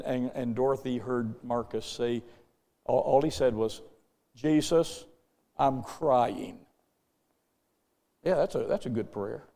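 A man's voice: mid-range voice, vocal fry, warm tone. Older male pastor in an echoing hall. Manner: repeats words, swells and drops in volume. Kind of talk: sermon.

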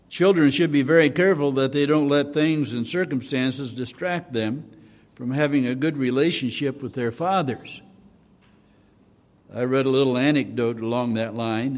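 Casting: down-to-earth male preacher telling anecdotes from the pulpit, mid-pitched, big echoing room. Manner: folksy, homespun storytelling with restarts. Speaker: pastor. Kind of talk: sermon. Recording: long hall reverb.

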